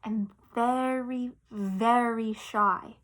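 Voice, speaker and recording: A woman's voice: on the high side, fairly even intonation, drawn-out words, fairly bright tone. A woman voicing a kindly female animal shelter worker in a children's story. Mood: gentle.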